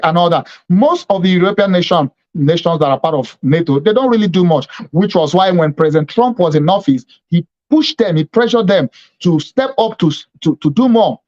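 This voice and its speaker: High-voiced man giving emphatic commentary. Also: darkish tone, muffled recording. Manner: emphatic, repeats points for stress. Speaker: bishop hosting a TV program. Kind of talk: political commentary.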